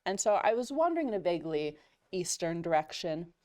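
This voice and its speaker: A woman's voice: lowish voice, big pitch swings, fairly quick, a little mellow, no room sound. A woman player improvising a tall tale in character at a live game panel, playful and rambling with fillers.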